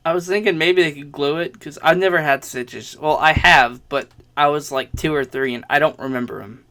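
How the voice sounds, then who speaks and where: Young guy vlogging, kinda high voice, rambly and sweary, keeps laughing. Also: moderate pace, few pauses, sharp tone. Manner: rambling, swears a lot, laughs between lines. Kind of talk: casual storytelling.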